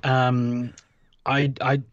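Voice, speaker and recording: A man's voice: mid-range voice, flat delivery, extremely slow, no room sound, muffled recording. A British man co-hosting a podcast, chatting casually and laughing at himself. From Britain. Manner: chatty, self-mocking, laughs often. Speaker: podcast co-host. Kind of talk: casual chat.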